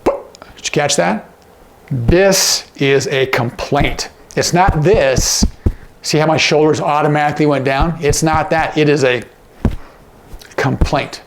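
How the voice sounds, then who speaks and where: A man with a slightly high voice teaches sign language slowly, leaving long pauses, with slight background noise. He demonstrates casually and checks in frequently with "okay?"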